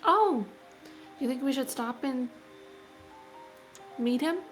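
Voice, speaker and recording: A woman in a tabletop game speaks politely and in character, her voice a little high. She talks slowly and unhurriedly. Music plays clearly behind her. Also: expressive. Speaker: player.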